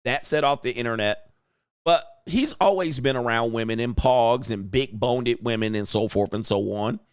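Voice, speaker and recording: A man's voice: mid-range voice, moderate pace, smooth, no room sound, studio quality. A man hosting a casual reaction commentary, slangy and often laughing and exclaiming. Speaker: commentary channel host.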